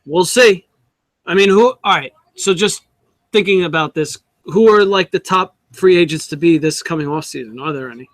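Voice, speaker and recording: High-voiced man in halting sports chat. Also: dry recording. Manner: halting, restarts words often. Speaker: podcast co-host.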